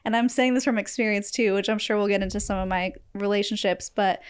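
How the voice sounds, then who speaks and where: A woman's voice: medium pitch, fairly even intonation, fast, clear, resonant tone. A woman hosting a podcast interview, explaining things at length in an empathetic way. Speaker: podcast host. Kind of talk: conversational interview.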